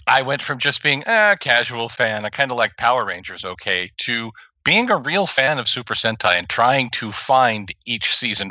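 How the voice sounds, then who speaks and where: A man co-hosting a casual chat, excitable and self-aware, telling stories with animated energy. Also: mid-range voice, dry recording, poor audio. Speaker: podcast co-host.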